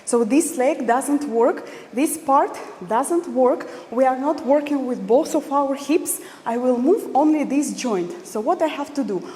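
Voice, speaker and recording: High-voiced woman counting dance beats slowly. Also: warm tone, slight background noise. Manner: counts beats aloud while demonstrating, non-native phrasing. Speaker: dance teacher. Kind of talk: instructional dance lesson. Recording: long hall reverb.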